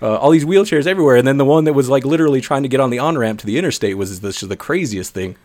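Animated podcast co-host, dry sound. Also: male voice, medium pitch, very fast, no room sound. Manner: animated storyteller, swearing, many fillers. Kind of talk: casual podcast chat.

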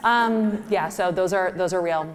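A woman speaks at a live question-and-answer session, sharing personal stories with candid, animated energy. She often breaks into laughter mid-story and acts out the voices of people she quotes. Her talk is casual and full of "like". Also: lowish voice, unhurried. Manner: heavy use of "like" as filler.

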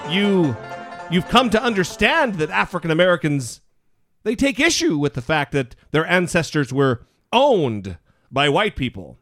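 Male co-host, high and expressive, sarcastic commentary. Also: measured pace, dry recording, faint music behind. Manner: animated, sarcastic, swears. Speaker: podcast co-host. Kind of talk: casual political commentary.

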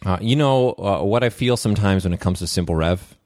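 Candid lower-voiced man hosting a podcast. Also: brisk, a little mellow, dry recording, clean studio sound. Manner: candid, self-reflective, frequent "uh" fillers. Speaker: podcast host. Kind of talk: confessional solo podcast monologue.

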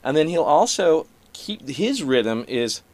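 A middle-aged man, a comedian and musician, talking casually and profanely, speeding up and slowing down and shifting loudness as he explains. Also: fairly high pitch. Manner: animated, shifts pace and loudness to illustrate rhythm; profane, conversational. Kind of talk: casual podcast conversation.

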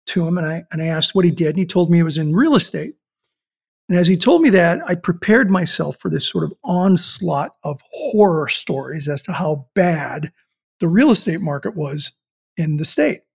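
A man's voice: high voice, vocal fry, slightly rough. An older man hosting a podcast, telling a business anecdote in an easygoing way and often repeating words as he searches for the next one. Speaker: podcast host and business founder. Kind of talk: storytelling podcast talk.

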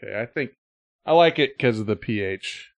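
A man with an animated, swinging voice jokes and curses his way through quiz guesses in casual podcast banter. His voice is dry and close with no room sound. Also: lowish voice, normal speed, creaky, dry recording. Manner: joking, swearing, lively banter.

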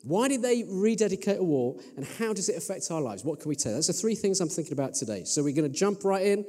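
A man preaches to his congregation in a mellow, slightly raised voice, breaking into jokes between his points. His words ring out through the long reverb of a large church hall. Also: sits high, quick pace. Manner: lively, joking asides to the congregation. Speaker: pastor. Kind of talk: sermon.

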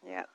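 A woman's voice: bright, forceful tone, dry recording, poor audio. A woman co-hosting a casual conversational podcast, playful and given to dry teasing. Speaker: podcast co-host.

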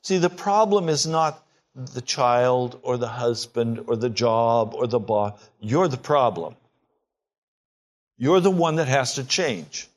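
A man in his sixties preaching a sermon, emphatic, acting out prayers in a rising voice. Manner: emphatic, acts out quoted prayers with rising pitch.

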